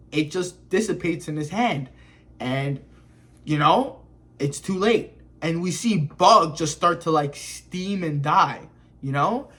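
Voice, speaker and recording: A reviewer talking through a manga chapter casually, in slangy, excitable and profane speech. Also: mid-range voice, breathy edge.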